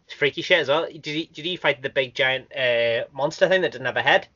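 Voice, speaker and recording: A man co-hosting a casual gaming podcast. He is chatty and excitable, and laughs often. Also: medium pitch, fairly quick. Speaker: podcast co-host. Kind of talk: casual chat. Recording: dull lo-fi recording.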